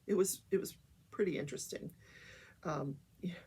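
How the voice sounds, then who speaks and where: Older woman with a gravelly, husky voice. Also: on the low side, normal speed, dark tone. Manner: chatty, many fillers, acts out quotes. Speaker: talk show host. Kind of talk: casual trial recap.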